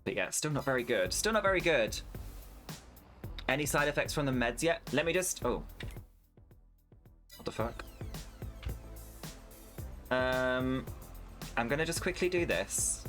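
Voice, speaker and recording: A man's voice: mid-range voice, animated, unhurried, long pauses, a bit bright, faint music behind. A British man streaming a farming game, chatting candidly and swearing freely with his viewers while he plays. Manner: candid, sweary, talks to chat while playing. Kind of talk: casual gaming stream chat.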